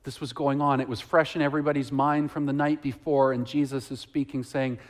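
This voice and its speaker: A man preaching a sermon, reading scripture with soaring emphasis and dropping to hushed, reflective asides. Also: medium pitch, little pitch movement, brisk, few pauses.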